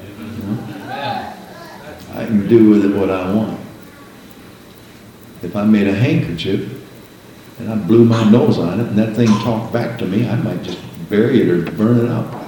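An older man preaching a sermon, breaking into drawn-out, half-sung prayers and praises between his teaching. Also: fairly low pitch, warm tone, very echoey, a little hiss or hum, poor audio.

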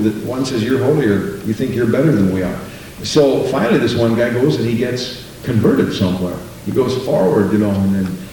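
A man's voice: a little mellow, a little hiss or hum. A man preaching a sermon in a church, asking questions and acting out quarrels between people. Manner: rhetorical, acts out quoted dialogue with pitch jumps. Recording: very echoey room, voice far from mic.

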